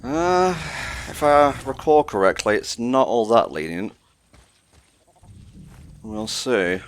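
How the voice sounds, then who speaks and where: A man's voice: mid-range voice, sing-song, slow, slight background noise. A young man playing a video game and chatting casually, with dry, jokey asides. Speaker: gamer playing through the game. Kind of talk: casual let's play commentary.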